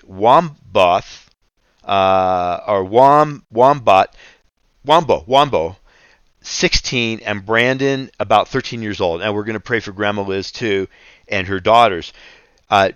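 An unhurried man leads a radio devotional, reading scripture aloud with earnest care. His low voice is smooth and resonant. The sound is dry and a little dull. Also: a bit bright, no room sound. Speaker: radio ministry host.

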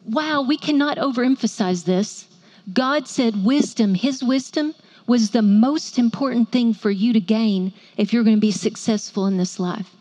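A soft-voiced woman preaches to women. Her voice sits a little high, and she keeps it gentle. She breaks into playful asides and pulls the room into call-and-response. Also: normal speed. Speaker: women's ministry speaker. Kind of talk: sermon to a women's audience.

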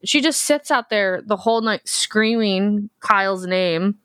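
A woman in her thirties co-hosting a podcast, recapping a horror film in a lively, profane, joking way. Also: medium pitch, unhurried, clean tone, no echo, clean studio sound. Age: 30s. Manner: profane, animated storytelling. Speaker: podcast co-host.

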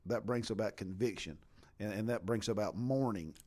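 Steady affirming man. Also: lowish voice, normal speed. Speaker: discussion partner. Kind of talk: casual faith discussion.

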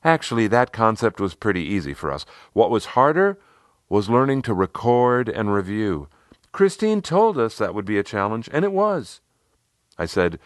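A man narrating a scripted workplace story in an expressive storytelling manner. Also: fairly low pitch, normal speed, dry recording, studio quality. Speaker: narrator and leadership consultant.

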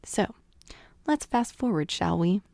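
A woman's voice: on the low side, animated, takes it slowly, vocal fry, darkish tone, dry recording, clean studio sound. A woman casually retelling a story in a chatty way, full of asides to listeners. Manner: chatty, full of "like" and "you guys".

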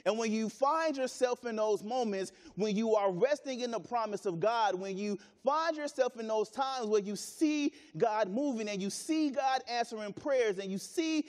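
A man's voice: very high-pitched, normal speed, few pauses, darkish tone, big-room sound. A man preaching a sermon, earnest and repeating phrases for emphasis.

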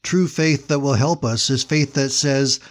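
A man preaching a sermon, telling a story in an earnest, steady way before drawing the lesson. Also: mid-range voice, measured pace.

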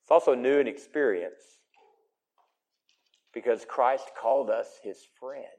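A man preaching a sermon in an emphatic way, his voice swinging between loud and soft. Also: mid-range voice, unhurried.

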